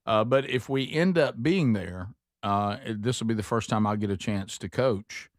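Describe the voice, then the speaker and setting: A man's voice: lowish voice, moderate pace, no room sound, studio quality. A man hosting a live radio talk show, easygoing and teasing in casual banter. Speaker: host.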